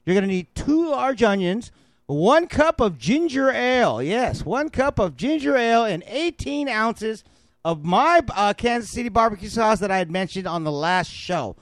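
Male podcast host, brash and insulting, high voice, dry close sound. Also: sing-song, moderate pace, dry recording. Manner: loud, mocking, insulting the listeners. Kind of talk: brash comedic cooking podcast chat.

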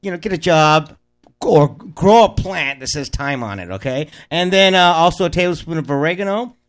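High-voiced rambling cooking show host. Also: male voice, animated, moderate pace. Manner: rambling and joking, with frequent restarts and asides. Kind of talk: casual cooking demonstration.

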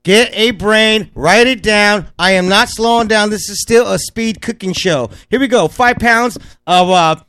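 Brash high-voiced man hosting a cooking show. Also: a little slow, few pauses, fairly bright tone, smooth, dry recording. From Southern California. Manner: rambling, brash, lots of fillers. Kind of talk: fast casual cooking talk.

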